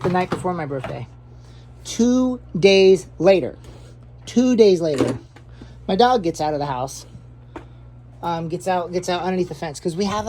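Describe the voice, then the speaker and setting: A woman's voice: on the low side, background noise. A woman vlogging from her new fish room at home, telling a long story in a loose, rambling way with lots of fillers and repeats. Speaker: aquarium hobby vlogger. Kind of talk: casual storytelling vlog.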